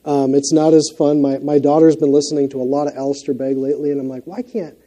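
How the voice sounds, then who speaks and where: A man's voice: medium pitch, level tone, fast talker, mellow. A middle-aged man with a Minnesota accent gives an earnest, conversational sermon as a guest preacher, with frequent fillers and restarts.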